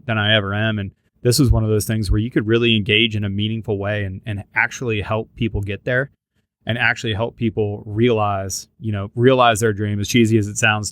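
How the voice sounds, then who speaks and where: A man's voice: lowish voice, a bit bright, no echo. A middle-aged man hosting a podcast, talking earnestly in casual chat with lots of restarts. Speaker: podcast host.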